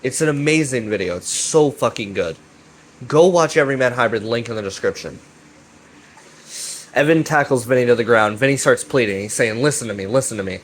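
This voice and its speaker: Excitable, cussing man rambling through a recap. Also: mid-range voice, fairly quick, a little hiss or hum. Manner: excitable, profane, repeats himself and keeps asking "right?". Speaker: YouTube commentator.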